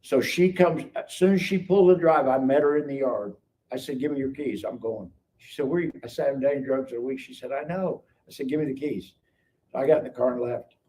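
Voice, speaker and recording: A middle-aged man on a live stream, telling his life story in casual, animated speech and acting out the people in it. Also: mid-range voice, fast talker. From Kansas City area. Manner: animated, acts out quoted dialogue. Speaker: guest telling his testimony. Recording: distant mic with faint background noise.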